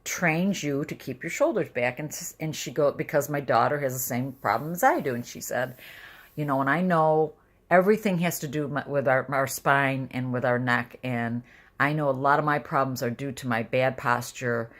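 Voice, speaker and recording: A woman's voice: a bass voice, moderate pace. A middle-aged woman talking casually in a home vlog, rambling with restarts. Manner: rambling, chatty, restarts often. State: dizzy and close to tears. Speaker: vlogger.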